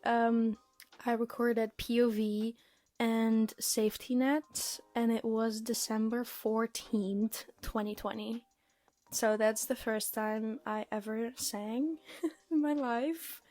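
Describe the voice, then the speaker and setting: A young woman in her twenties talking in a casual personal vlog, halting and emotional, with many fillers. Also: fairly high pitch, fairly even intonation, warm tone, no echo. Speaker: vlogger. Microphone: microphone.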